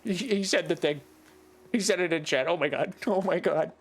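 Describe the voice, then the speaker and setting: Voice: medium pitch, moderate pace, a little hiss or hum. A video game streamer giving casual, joking live-stream commentary while teasing the chat.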